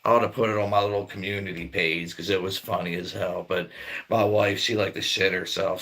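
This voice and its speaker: A man's voice: low voice, fairly even intonation, a little fast, fairly bright tone. A middle-aged man from Maryland rambling in laid-back, profane casual chat as a livestream host. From Maryland, near Baltimore.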